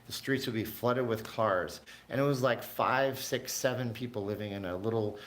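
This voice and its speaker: A man's voice: medium pitch, normal speed, a bit bright. A man from Canada hosting a casual livestream from his home, rambling chattily and answering viewers' questions. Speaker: livestream host.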